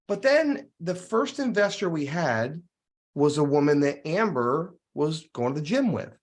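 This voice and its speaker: A man's voice: fairly high pitch, normal speed. A middle-aged man telling stories as a guest in a podcast interview, acting out the dialogue he recalls. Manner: animated storyteller, acts out quoted dialogue. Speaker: guest real estate investor.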